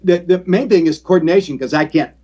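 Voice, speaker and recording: A man from Texas, a guest ventriloquist, chatting in an interview over a video call and telling stories in a playful, animated way. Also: sits high, fairly quick, a crowd in the background. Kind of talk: casual interview chat. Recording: dull lo-fi call audio.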